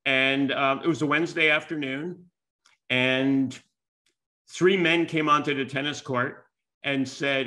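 A man's voice: mid-range voice, steady tone, a little slow, bright, forceful tone. A man in his seventies from the United States, giving a storytelling keynote talk and acting out quoted dialogue. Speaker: keynote speaker and business school teacher.

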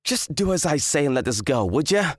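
A man's voice: a little high, big pitch swings, a little fast, no echo, studio quality. A man voicing an arrogant, hungover young fiancé who talks in a smug, dismissive drawl. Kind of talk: dramatized story voice acting.

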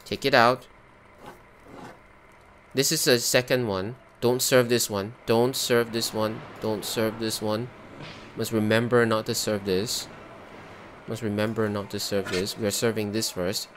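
A man's voice: lowish voice, flat delivery, a little slow, pauses often, fairly bright tone, slight background noise. A man hosting a gameplay video, talking himself through each cooking step and breaking into exasperated outbursts at glitches. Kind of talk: live gameplay commentary.

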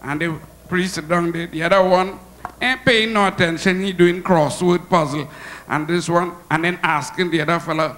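A man with a Trinidadian accent telling stand-up jokes on stage, animated and laughing at his own punchlines. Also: sits high, moderate pace. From Trinidad and Tobago. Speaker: stand-up comedian. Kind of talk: stand-up comedy storytelling. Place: comedy show stage.

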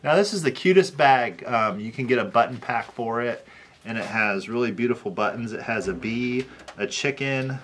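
A man's voice: mid-range voice, normal speed, fairly bright tone, a little hiss or hum. A man co-hosting a casual needlework chat show, laughing easily and showing off items to the camera. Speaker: co-host.

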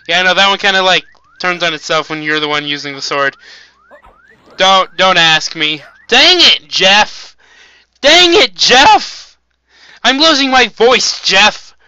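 A young man giving casual gameplay commentary as a let's play gamer, chatty and excitable, yelling at the enemies on screen. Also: sits high, clear, resonant tone, no room sound. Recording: dull lo-fi home mic recording.

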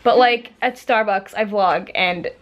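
A young woman vlogging her day in a chatty, upbeat way, full of quick asides. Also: mid-range voice, a bit bright, lo-fi sound. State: out of breath. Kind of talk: casual vlog chat.

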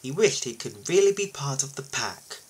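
A man reading a children's picture book aloud for his video channel, expressive and lively. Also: mid-range voice, normal speed, husky, low-quality recording. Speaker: YouTube storybook reader.

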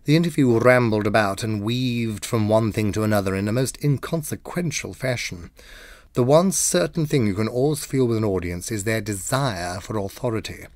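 A man's voice: fairly low pitch, normal speed, a little mellow, no room sound. A man reading diary entries aloud in an arch, mannered, theatrical way. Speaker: diary reader.

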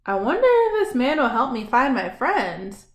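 A woman reading aloud voices a small, lonely zebra in a soft, wistful way close to her own voice. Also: high-pitched, sing-song, moderate pace, roomy sound.

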